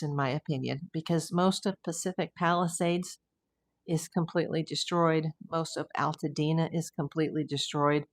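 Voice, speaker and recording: A woman hosting a casual livestream, chatting with viewers and rambling easily between comments and news. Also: deep voice. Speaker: true crime livestream host. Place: home.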